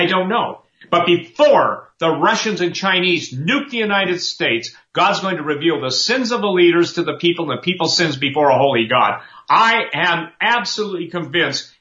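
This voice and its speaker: A man talks with sermon-like fervor, pressing each point through emphatic repetition. His voice sits somewhat high and comes out forceful and bright. The recording is roomy and dull, with a lo-fi quality. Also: animated, normal speed. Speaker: talk show host. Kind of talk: impassioned preaching commentary.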